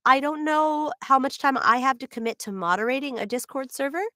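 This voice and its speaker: Woman voice actor, talkative and giggly, a bit high, dry close mic. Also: a little fast, bright, forceful tone, no room sound. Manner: chatty, laughing often, many "like"s. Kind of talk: casual livestream chat. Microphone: own microphone.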